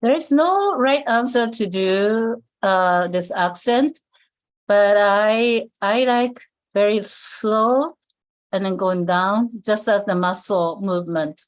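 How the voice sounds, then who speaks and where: Over a video call, a woman with a mid-range voice demonstrates a skincare routine live. She explains each step haltingly, full of fillers and restarts.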